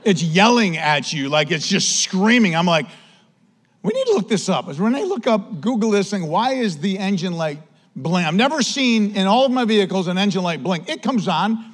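High-voiced, animated male pastor. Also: moderate pace. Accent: Western New York. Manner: animated, conversational, says "man" often. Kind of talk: storytelling sermon.

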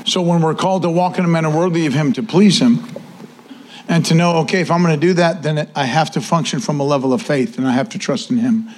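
A middle-aged man preaches to his congregation with animated energy and casual asides. His voice sits a little higher than most men's. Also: fast, a little hiss or hum. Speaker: pastor. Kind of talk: sermon and church announcements.

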